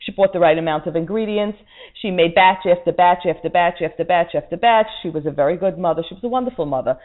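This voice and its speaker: A woman telling a moral story as a sermon, expressive and swinging from soft to loud. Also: lowish voice. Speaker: religious speaker. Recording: tinny phone-like line.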